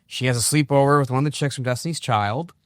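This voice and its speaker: A man's voice: medium pitch, quick pace, clear, resonant tone, no echo, studio quality. A man co-hosting a podcast, recapping a horror movie in casual, profane chat. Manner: swears often, laid-back storytelling. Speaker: podcast co-host.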